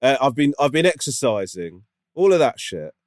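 Male co-host, rambling storyteller with a lively delivery, dry close recording. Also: mid-range voice, normal speed, dry recording. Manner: rambling storyteller, lots of fillers. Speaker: podcast co-host. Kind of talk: casual chat.

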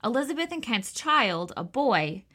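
Bright-voiced woman narrating history. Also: fairly high pitch, very animated, normal speed. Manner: chatty, asides and fillers while narrating. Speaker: podcast co-host. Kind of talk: scripted history narration with chat.

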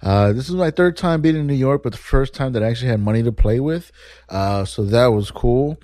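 A podcast host delivers a casual solo monologue, rambling candidly and swearing freely. His mid-range voice is expressive and dark in tone, moving a little fast. The recording has no echo.

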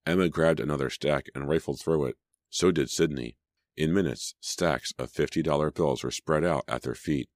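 A man with an extremely deep voice narrates an audiobook in a measured, storytelling way. The read is dry and close to the mic, with no room around it. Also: no echo. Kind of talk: scripted narration.

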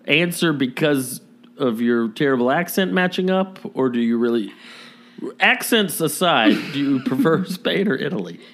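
Brief: man co-host, casual chat, hesitant with lots of uhs, dry teasing, lively up-and-down pitch. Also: normal speed. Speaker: podcast co-host.

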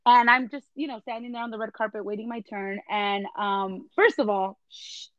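A woman telling an animated story in a casual chat, switching between English and Spanish. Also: fairly high pitch, moderate pace, dry recording, muffled recording. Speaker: entertainment journalist guest.

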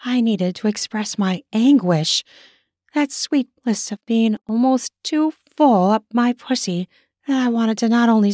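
Woman host-author reading her erotic story in first person; mid-pitched, dry, close mic. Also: a little mellow, no room sound.

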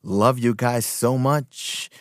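A man's voice: medium pitch, steady tone, takes it slowly, no room sound, studio quality. A man hosting a podcast in a casual, rambling monologue full of profanity and emphatic asides. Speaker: podcast host.

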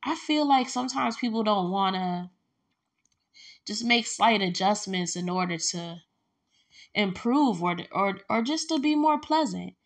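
Woman, casual vlogger, mid pitch, rambling anecdotal delivery, acts out quoted exchanges. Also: animated, a little slow. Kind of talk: casual storytelling vlog.

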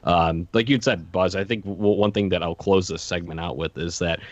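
A man's voice: low voice, fairly even intonation, moderate pace, no room sound. A man hosting a casual sports podcast, hesitant with many ums as he steers between topics. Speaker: podcast host. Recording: dry, muffled lo-fi audio.

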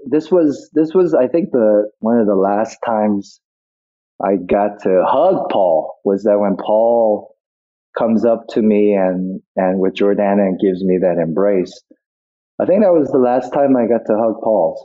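A man's voice: on the low side, animated, measured pace. A man being interviewed as a guest actor, telling stories reflectively with many restarts, over a tinny phone-like line. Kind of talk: interview conversation.

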